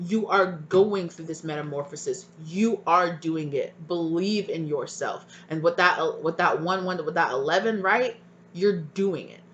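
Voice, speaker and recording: A woman's voice: low-pitched, dull audio, a little hiss or hum. A woman giving a tarot reading to her viewers, encouraging and emotional, tagging her sentences with "right?" and "okay?". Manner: spiritual, emotional, sometimes near tears. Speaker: tarot reader.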